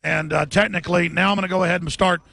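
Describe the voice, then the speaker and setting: A man hosting a radio show live from an outdoor event, ranting fast and chanting slogans through a bullhorn. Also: high voice, fairly even intonation, creaky. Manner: shouts protest chants slowly and repeatedly.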